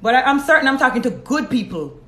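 A woman with a Jamaican accent talks bluntly into her live stream, lecturing her viewers and answering their comments. Her voice sits a little high and rings in a roomy, echoey space. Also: sing-song, fast, pushed and bright. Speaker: host. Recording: roomy echo.

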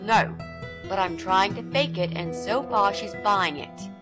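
A woman's voice: mid-range voice, expressive, unhurried, lightly acted. An actress voicing a pushy young female student in a game, eager and bossy, sweetly fake when she performs. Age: young adult. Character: pushy chirpy young woman student, scheming. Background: game music.

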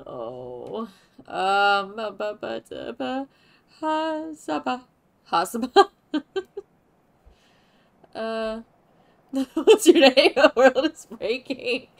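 A woman's voice: a little high, drawn-out words, gravelly, long pauses. A young woman streaming a game, giggly, flustered and playful as she comments on her play. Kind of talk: casual gameplay commentary.

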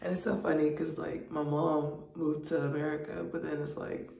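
A woman vlogger chatting casually to camera in an animated, profane way. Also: sits low, moderate pace, creaky. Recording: roomy, distant mic.

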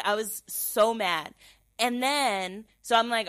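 A woman's voice: on the high side, slow, no room sound. Chatty young woman, dry close sound. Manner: animated, filler-heavy storytelling, mimics her own inner voice. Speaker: podcast host. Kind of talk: casual storytelling chat.

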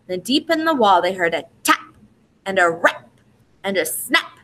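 A woman reading a picture book aloud to children in a lively, expressive way, inviting them to repeat the words. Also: mid-range voice, measured pace. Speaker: storyteller.

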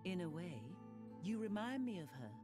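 An actress voicing a kindly, motherly village woman who talks calmly. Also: lowish voice, moderate pace, over music. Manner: kindly, calm.

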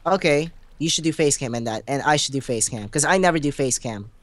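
A man's voice: medium pitch, animated, brisk. A young man co-hosting a casual game let's-play, rambling goofily with melodramatic outbursts. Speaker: gaming channel co-host.

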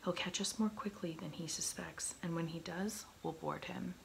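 A woman's voice: fairly low pitch, normal speed, vocal fry, slight background noise, rough recording. A woman voicing a resolute male English ship captain, giving firm orders in a whispered role-play.

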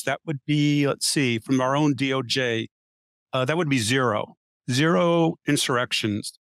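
A man's voice: medium pitch, fairly bright tone, no echo, clean studio sound. A man in a casual panel debate, arguing his point insistently and reeling off statistics. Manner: argumentative, cites statistics. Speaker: panel guest.

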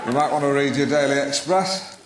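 An actor playing a pompous, awkward middle-aged male presenter hosting an awards night, flustered and self-deprecating, over loud crowd noise. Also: mid-range voice, a little fast, lightly acted. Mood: awkward bravado. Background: crowd laughter and noise.

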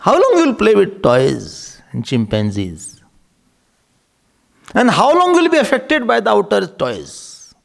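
A man's voice: high voice, wildly swooping pitch, unhurried, gravelly. A man giving a spiritual discourse, asking rhetorical questions and chuckling often. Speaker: spiritual teacher.

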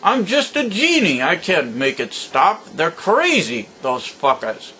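Old guy putting on a foul-mouthed genie, higher and louder, all over the place. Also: huge pitch swings, slow, slight background noise, exaggerated voice. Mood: exasperated. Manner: swearing, blunt, impatient. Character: crude exasperated male genie from a bottle.

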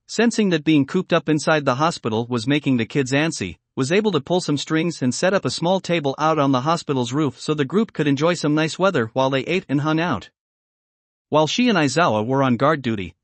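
A man reading fan fiction aloud as narrator in a steady storytelling read. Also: on the high side, fairly quick, no room sound.

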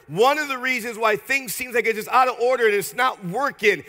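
A man pastor preaching an energetic sermon in a church, leading the congregation in call-and-response. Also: very high voice, fast, few pauses, in a large hall. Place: church sanctuary.

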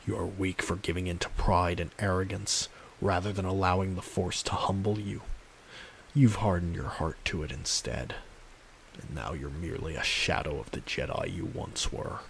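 A man's voice: sits low, moderate pace, gravelly, a little hiss or hum. A man doing a stern young Jedi master.

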